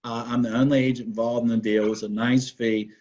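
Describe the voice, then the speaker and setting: A man's voice: mid-range voice, level tone, fast, darkish tone. Man telling deal stories, lo-fi sound. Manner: assertive, explains with rhetorical "right?". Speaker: guest, commercial real estate broker. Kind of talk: conversational interview storytelling.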